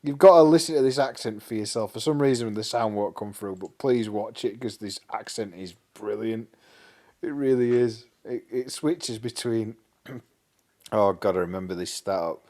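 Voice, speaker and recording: A podcast co-host with a fairly low, slightly mellow voice talks at a moderate pace. He reminisces in casual chat, laughs a lot and keeps seeking agreement with tag questions.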